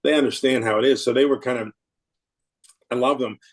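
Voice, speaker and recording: A man's voice: mid-range voice, steady tone, brisk. A middle-aged American man telling a story in a casual interview, chuckling often and restarting his sentences. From United States. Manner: warm anecdotal, laughs often, many restarts. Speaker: podcast guest.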